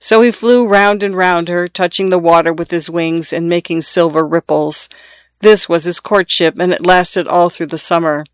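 A man narrating a storybook in a measured, expressive reading. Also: sits high, clear, resonant tone, no echo.

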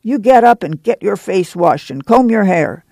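A man's voice: sits high, expressive, normal speed, creaky, darkish tone, no echo, pitched above the performer's own voice, full character voice. A man voicing a hardworking mother in an audiobook, speaking in a plain dialect with a firm, urgent manner. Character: weary rural mother, bossy, proud, hardworking. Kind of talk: audiobook character voice.

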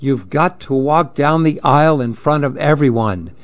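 A man voicing a gentle, pun-making father in a storybook reading. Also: on the high side, moderate pace, natural voice. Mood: earnest. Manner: gentle, punning. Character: joking dad who makes puns. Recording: dull lo-fi dry recording.

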